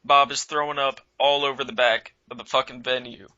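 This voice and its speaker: A man's voice: medium pitch, a little fast, dry recording, highs cut off. A man co-hosting a comedy talk show, telling stories casually and acting out the people in them. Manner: animated storyteller who acts out the people in his stories.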